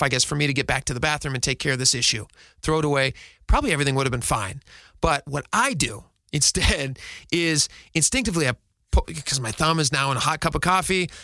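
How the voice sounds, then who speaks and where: A married man hosting a radio show, telling a self-mocking story in a casual, animated way and laughing now and then. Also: fairly high pitch, no echo. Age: adult, married.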